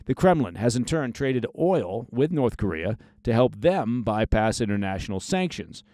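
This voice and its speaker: A man's voice: medium pitch, very animated, moderate pace, mellow, dry recording, studio quality. A man hosting a scripted news briefing, reading the stories in a conversational way with short asides and stressed key words. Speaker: news podcast host.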